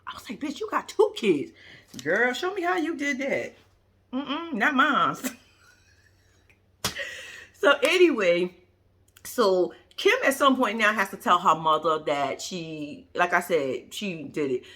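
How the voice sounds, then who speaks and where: A woman's voice: medium pitch, expressive, slow, pauses often, sharp tone. A woman giving casual, unscripted commentary as a vlogger, blunt and profane, rambling and cutting herself off as she talks straight to her viewers. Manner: rambling, with self-interruptions. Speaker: vlogger reviewing a reality show.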